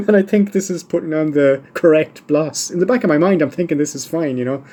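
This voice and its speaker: A man's voice: fairly high pitch, fairly quick, dark tone. A man hosting a solo podcast, answering listener questions one by one with dry, wry humour and rambling asides. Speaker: podcast host.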